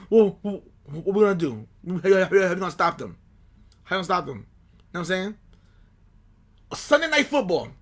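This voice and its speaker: A man's voice: fairly high pitch, breathy edge. A man co-hosting a casual sports podcast, talking animatedly and with frustration, repeating himself as he complains about his team. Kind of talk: casual fan chat.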